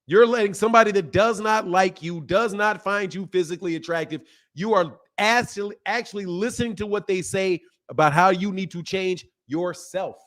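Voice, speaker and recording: A man in his forties hosting a channel, talking in an animated, repetitive casual rant and laughing often. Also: sits high, moderate pace. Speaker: boxing channel host.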